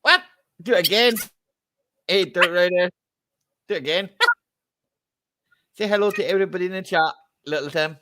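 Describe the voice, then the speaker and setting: A man's voice: high voice, moderate pace, pauses often, sharp tone. A man hosting a casual live-stream chat, teasing his guests in jokey banter.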